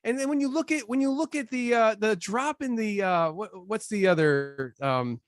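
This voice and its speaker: A man talking casually as a podcast guest in a slightly high voice. He gets animated and often laughs, and his voice leaps higher when he is riled up. The sound is close and dry, with no room around it. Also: moderate pace, no echo.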